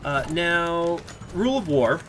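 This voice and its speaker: A man giving a casual gameplay walkthrough as a strategy game guide host, explaining as he goes and pausing often to think aloud. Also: a little high, expressive, fairly bright tone, a little hiss or hum. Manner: chatty, explanatory, thinks aloud with many filler pauses.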